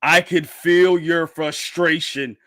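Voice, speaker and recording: A man reacting live to a manga chapter, reading it aloud and breaking into loud, slangy, repetitive outbursts. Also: fairly high pitch, slow. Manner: excitable, loud outbursts, slangy, repeats himself. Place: home streaming setup with green screen.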